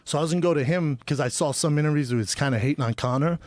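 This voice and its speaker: With no room sound around him, a thirty-something podcast co-host races through a story in a slightly high voice. He's animated in the casual chat, performing each quoted exchange.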